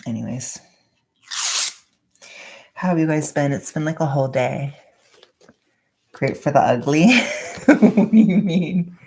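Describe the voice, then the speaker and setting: A young woman with a strikingly deep voice and a gravelly, fry-heavy edge chats while wrapping presents at home. She rambles along in a quiet, soft-spoken way. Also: animated, slow pace, pauses often. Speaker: vlogger. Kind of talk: casual chat while wrapping gifts.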